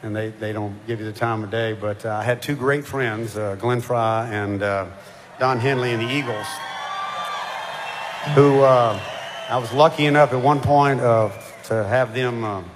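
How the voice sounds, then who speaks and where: An older man, a touring singer chatting between songs in a halting, rambling way with lots of fillers. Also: medium pitch, background noise. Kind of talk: onstage banter between songs. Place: concert stage. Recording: live hall reverb with band music.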